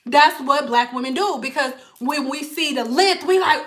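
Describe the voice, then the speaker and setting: A woman hair stylist chatting casually to live viewers, animated and blunt, swearing freely and slipping into playful put-on voices. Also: sits high, unhurried, few pauses.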